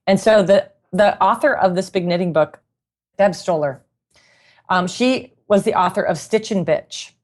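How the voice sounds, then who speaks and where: A woman guest in a casual interview, telling stories in a chatty, animated way and laughing often. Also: mid-range voice, a little slow. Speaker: guest musician and knitting author.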